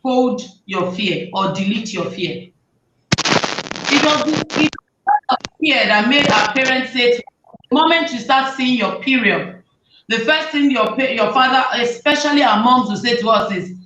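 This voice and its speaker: A woman, hosting a talk show and giving lively advice to parents, often acting out what parents and children say. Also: a little high, moderate pace, heavy background noise. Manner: animated, acts out parents' and children's lines. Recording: roomy, distant, dull sound.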